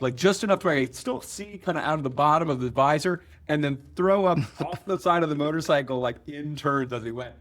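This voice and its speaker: A man co-hosting a podcast, telling stories quickly and vividly with some laughter. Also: a little high. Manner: fast, vivid storytelling with laughs. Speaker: podcast co-host. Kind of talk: casual chat.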